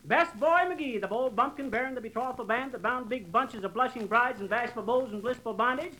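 A brash, bragging middle-aged loudmouth who rattles off wisecracks and tongue twisters. His voice sits high and bright. It is 1940s radio comedy acting. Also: brisk, slight background noise, rough recording. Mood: boastful. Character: boastful, blustering middle-aged man. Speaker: show lead.

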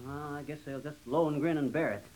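A man's voice: on the high side, steady tone, brisk, a little mellow, slight background noise, natural voice, low-quality recording. An actor playing a boastful, blustering middle-aged man in 1940s radio comedy acting, with a brash, wisecracking delivery. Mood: sarcastic. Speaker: show lead.

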